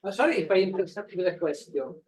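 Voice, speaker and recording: Hesitant man, lively pitch. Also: quick pace. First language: French. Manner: hesitant, apologetic. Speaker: interviewer. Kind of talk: hesitant interview question.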